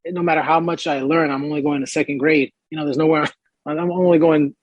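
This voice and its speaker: A man from Israel, guesting on a podcast, recounts his past in an easy, reflective way. His voice sits a little high and sounds husky, recorded dry and close. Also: brisk, no room sound, highs cut off. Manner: relaxed, thoughtful, laughs easily. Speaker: performance coach, podcast guest. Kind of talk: casual interview storytelling.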